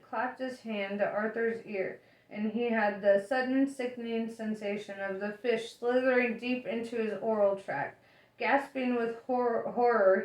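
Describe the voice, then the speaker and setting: A woman reading a novel aloud as an audiobook reader, lively and expressive. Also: fairly high pitch. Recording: echoey room.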